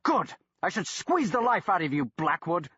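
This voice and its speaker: A man's voice: high voice, sing-song, normal speed, pushed and bright, slightly rough, no room sound, lo-fi sound, voice pushed up, exaggerated voice. A man doing a brusque, impatient doctor. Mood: exasperated. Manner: curt, exasperated, snapping. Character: brusque, impatient male doctor, commanding and sharp-tongued.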